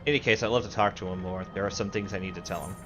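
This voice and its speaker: A male streamer chatting through a story game in a lowish voice. He rambles off on tangents, swears freely and pokes fun at himself. Faint game music runs underneath. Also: fairly even intonation, racing. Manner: rambling, swearing, self-mocking. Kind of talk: casual live game commentary.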